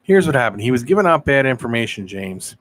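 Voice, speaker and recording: A man hosting a casual live stream, telling animated stories and answering viewers' chat. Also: mid-range voice, fast talker. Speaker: live-stream show host.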